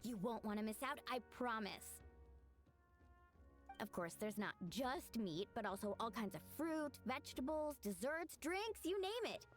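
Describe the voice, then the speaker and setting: A woman's voice: on the high side, a little slow, soft background music. A woman voicing a breezy, upbeat young woman villager in a video game. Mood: enthusiastic. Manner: bubbly, animated.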